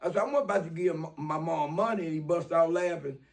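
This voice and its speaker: Guy in his 60s, higher voice, cussing, acts out every line of the story. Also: a little fast, gravelly. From Mobile, Alabama. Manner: profane, streetwise, acts out dialogue. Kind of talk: casual personal storytelling.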